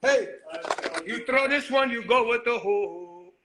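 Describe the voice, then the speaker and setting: Young-sounding man with a very high voice, loose and rowdy, casual livestream talk. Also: a little slow, crowd noise. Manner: rowdy, laughing, swearing banter.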